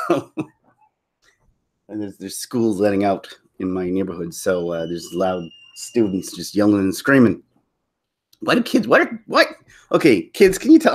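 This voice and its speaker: A man hosting a casual live stream, rambling and joking with frequent laughs. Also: medium pitch. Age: middle-aged. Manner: rambling, jokey, laughs often. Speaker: channel host.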